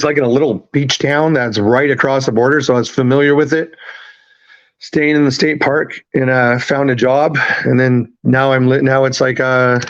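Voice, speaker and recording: Male podcast guest, 30s, rambling casual storyteller, muffled audio. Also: mid-range voice. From Canada. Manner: rambling, halting, many fillers and restarts. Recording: slightly dull lo-fi audio.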